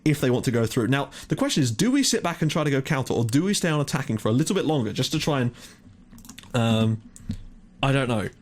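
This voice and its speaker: A young man giving excitable live commentary on his own football management game, thinking aloud and swearing when it goes wrong. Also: medium pitch, fast talker. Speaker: gaming commentator.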